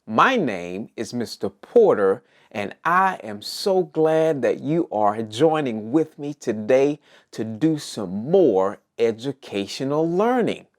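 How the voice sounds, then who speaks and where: A man leading a preschool circle-time lesson, talking to small children with exaggerated, encouraging cheer. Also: medium pitch. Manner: slow, sing-song, exaggerated encouraging delivery. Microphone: recorded for an online kids' video.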